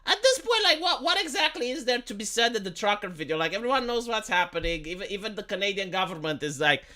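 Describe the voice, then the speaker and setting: Bright-voiced, profane ranting man. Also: high voice, lively intonation, fast talker. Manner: profane, heated, stammers and repeats words; argumentative, asks rhetorical questions. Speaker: live streamer. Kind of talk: casual political rant on a live stream.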